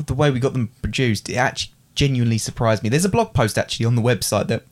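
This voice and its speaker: A man's voice: mid-range voice, fast. Chatty man hosting a casual podcast. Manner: rambling, friendly, laughs often. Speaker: podcast host. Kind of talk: casual chat.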